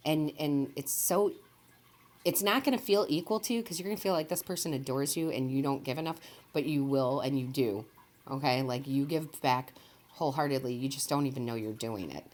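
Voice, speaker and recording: A woman with a strikingly deep, low-pitched voice talks her viewers through a tarot reading. She is chatty and enthusiastic, rambles off on tangents and laughs often. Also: a little fast, darkish tone. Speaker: tarot reader and medium. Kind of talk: casual tarot reading to camera.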